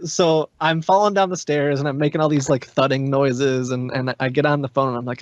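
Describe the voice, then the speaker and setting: A man guesting on a podcast, telling animated stories in casual chat and laughing often. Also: mid-range voice, a little fast, few pauses, dry recording, dull audio. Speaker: podcast guest, prank caller.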